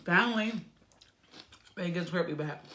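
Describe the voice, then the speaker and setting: A young woman chats through a personal story, her slightly low voice jumping up when she gets worked up. She talks casually and emotionally, like she is telling it to friends. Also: normal speed, a little hiss or hum. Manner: animated, emotional retelling with lively pitch swings. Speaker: vlogger telling a birth story.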